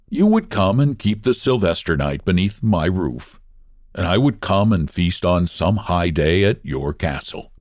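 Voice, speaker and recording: A man voicing a forest landowner who speaks in a measured, solemn, earnest way. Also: deep voice, a little mellow, no echo, studio quality. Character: grave male forest landowner making peace.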